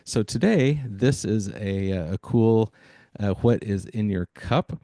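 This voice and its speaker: A man's voice: fairly low pitch, animated, slow pace, dark tone, no echo. A man hosting a sales podcast, talking to listeners in an enthusiastic, hyping way with plenty of fillers. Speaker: podcast host. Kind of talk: energetic podcast monologue.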